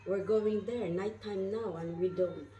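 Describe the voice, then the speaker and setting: A woman's voice: mid-range voice, steady tone, unhurried, dark tone, echoey room, recorded from a distance, faint music behind, rough recording. A woman vlogging from inside a moving car, effusive and spiritual, often asking her viewers "isn't that wonderful". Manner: effusive, repeats questions to viewers. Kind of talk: spiritual travel vlog.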